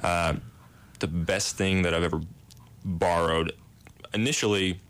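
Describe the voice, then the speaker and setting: A man's voice: low-pitched, steady tone, measured pace, fairly bright tone. A young man, a residence hall director, answering interview questions in a modest, self-deprecating way with easy laughs.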